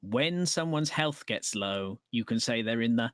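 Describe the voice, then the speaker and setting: A man's voice: medium pitch, expressive, unhurried, a bit bright, slight background noise. A man co-hosting a podcast in casual chat about tabletop games, explaining thoughtfully with restarts. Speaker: podcast co-host.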